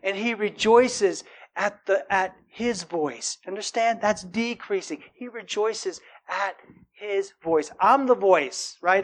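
A man's voice: high-pitched, takes it slowly. A male preacher delivering a sermon in a loose, conversational way. He keeps checking in with his listeners with "right?" and shifts into an earnest tone when he quotes scripture.

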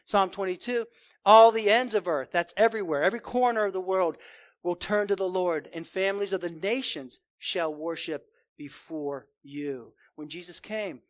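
High-voiced emphatic male pastor. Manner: emphatic, rhetorical questions to the congregation. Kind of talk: sermon.

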